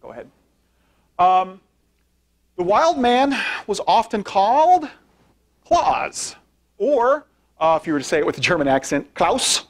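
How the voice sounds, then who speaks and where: A man's voice: high voice, very animated, measured pace, pauses often. A man giving an informal lecture with slides as a guest speaker. He talks conversationally, often tags sentences with "right?" and asks for the next slide as he goes. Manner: conversational, frequent tag questions; directs slide changes while speaking. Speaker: guest speaker, philosophy professor.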